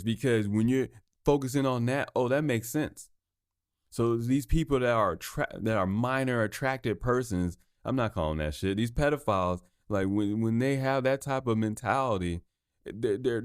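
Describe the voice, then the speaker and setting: A man's voice: mid-range voice, clean tone, no echo, clean studio sound. A man hosting a solo podcast, ranting in a heated, profane way, often stumbling and repeating himself. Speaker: podcast host.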